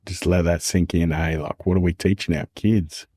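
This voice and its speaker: A man's voice: deep voice, steady tone, normal speed, dark tone, breathy edge, dry recording, studio quality. An Australian man talking earnestly and candidly as a podcast guest, repeating phrases and calling the listener "man" and "mate". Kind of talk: candid casual conversation.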